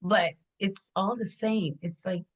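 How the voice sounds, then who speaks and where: Lively, laughing woman stylist telling stories. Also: medium pitch, slow. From Washington D.C. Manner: animated, laughs often, acts out quoted voices. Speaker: hair and image stylist. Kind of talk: casual storytelling in an interview.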